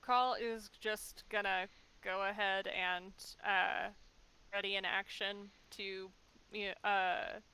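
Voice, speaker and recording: Bright-voiced playful woman player. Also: mid-range voice, little pitch movement, takes it slowly, clean tone, low-quality recording. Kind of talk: casual tabletop play.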